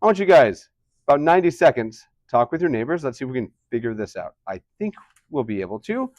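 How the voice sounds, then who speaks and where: A man's voice: mid-range voice, very animated, fast talker, darkish tone, no room sound. Male teacher, mid voice, dry room, chatty and questioning. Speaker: math teacher. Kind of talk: classroom lesson. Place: classroom.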